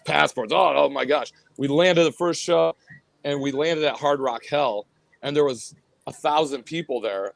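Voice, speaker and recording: A man talking in a relaxed interview, his voice sitting at an ordinary middle pitch and recorded close and dry with no room sound. He tells his stories with animation, slipping into the voices of the people in them. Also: no echo. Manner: animated storyteller, acts out what others said. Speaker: guest musician, band vocalist and bassist. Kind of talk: casual interview chat.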